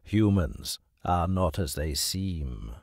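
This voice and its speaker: A man voicing a proud, condescending male hawk with a deep, unyielding voice in an audiobook story. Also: animated, gravelly, a little mellow, dry recording, clean studio sound, heavily acted. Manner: slow, condescending.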